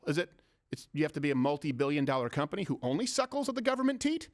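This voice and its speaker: A man hosting a political comedy show, ranting sarcastically in rapid-fire rhetorical questions. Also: on the high side, big pitch swings. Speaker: host.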